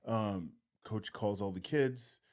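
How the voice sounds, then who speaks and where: A man's voice: fairly low pitch, slow. A man co-hosting a family podcast, telling stories about his kids and acting out the moments. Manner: animated storyteller, acts out moments. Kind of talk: casual family podcast storytelling.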